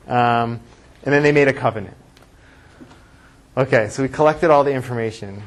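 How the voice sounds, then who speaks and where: A rabbi teaching a classroom lecture, thinking aloud and reading verses aloud with emphasis, with class discussion. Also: male voice, medium pitch, moderate pace, long pauses.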